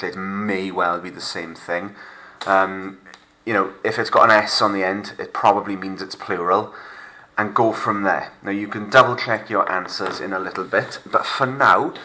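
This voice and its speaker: A deep-voiced man teaches a recorded remote lesson. His tone is bright and forceful, and he explains patiently, step by step, with fillers. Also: a little hiss or hum, low-quality recording.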